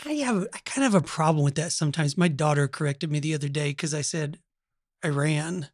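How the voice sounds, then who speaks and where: A man's voice: fairly high pitch, quick pace, dry recording, clean studio sound. A middle-aged man from Oklahoma with an Oklahoma accent, co-hosting a casual podcast chat with wry, joking asides.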